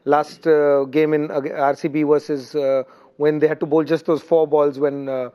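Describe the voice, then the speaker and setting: A man's voice: a little high, little pitch movement, moderate pace, warm tone, clear, resonant tone, dull audio. A middle-aged man giving cricket analysis in a studio, thinking aloud and circling back on his points. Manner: thinks aloud with fillers and restarts. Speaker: cricket pundit.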